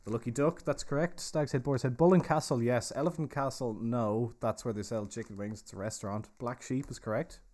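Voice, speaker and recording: A man's voice: medium pitch, fairly quick, hardly any pauses, a little mellow, slight background noise. Chatty man hosting a pub quiz. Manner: chatty, joking, confirming audience answers. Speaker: host and pub guide. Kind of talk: casual live virtual pub tour and quiz. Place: inside a pub.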